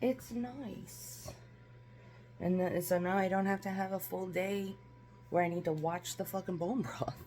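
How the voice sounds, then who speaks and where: A woman's voice: on the low side, steady tone, measured pace, warm tone, a little hiss or hum. A woman chatting casually in a home vlog, rambling with lots of fillers and asides. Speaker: vlogger. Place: home kitchen.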